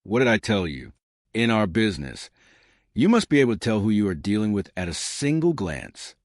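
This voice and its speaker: A man's voice: fairly low pitch, sing-song, normal speed, dry recording. Male reader as a grinning, boastful Italian salesman; chatty, dry close sound.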